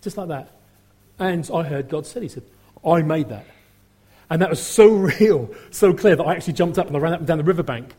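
A man's voice: fairly high pitch, quick pace, mellow, husky. A middle-aged man giving a rambling personal testimony full of fillers, acting out the voices he quotes. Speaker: testimony speaker.

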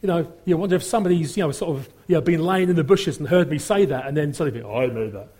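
A man's voice: on the high side, racing, a little mellow. A middle-aged man giving a rambling personal testimony full of fillers, acting out the voices he quotes. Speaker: testimony speaker.

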